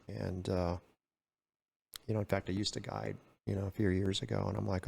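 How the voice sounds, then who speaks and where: A man's voice: on the low side, flat delivery, brisk, vocal fry, darkish tone, breathy edge. An older retired man telling stories in a casual way and acting out both sides of the dialogue. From California. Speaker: retired game warden, podcast guest. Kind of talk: casual storytelling.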